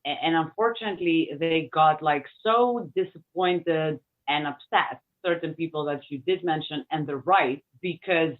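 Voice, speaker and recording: A woman's voice: low-pitched, normal speed, few pauses. A woman who is a guest in a casual chat, speaking hesitantly with many fillers. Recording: tinny phone-like line.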